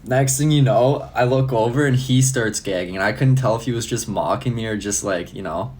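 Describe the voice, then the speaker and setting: A man's voice: medium pitch, a little fast, darkish tone. A young man chatting casually on a live stream, loose and profane, laughing often. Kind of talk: casual live-stream chat answering comments.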